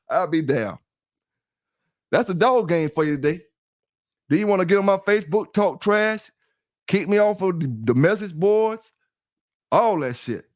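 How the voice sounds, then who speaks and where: A man's voice: high-pitched, animated, normal speed, long pauses, dry recording, studio quality. A middle-aged man hosting a livestream in casual chat, rambling and repeating himself as he talks straight to his listeners. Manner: rambling and repetitive, addressing listeners directly. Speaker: livestream host.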